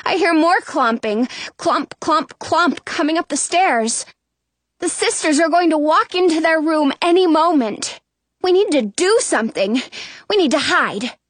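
A woman narrates a children's storybook in first person, expressive and fretful. Her voice sits high and moves widely, unhurried, in a dry close recording. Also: no room sound. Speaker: audiobook narrator.

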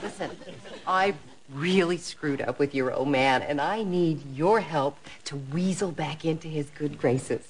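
A man's voice: a little high, a little slow, close to an everyday voice. A man playing a sheepish, bumbling older man in a sitcom, wheedling and bribing to win back a friend's favor. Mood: coaxing. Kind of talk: sitcom acting. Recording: noisy TV audio with studio audience laughter.

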